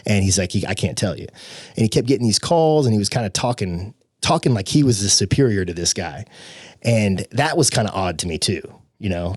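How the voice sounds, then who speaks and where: Low-voiced man telling a dramatic story. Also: breathy edge, no room sound, studio quality. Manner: animated, acts out quoted voices. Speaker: podcast guest. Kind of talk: casual storytelling.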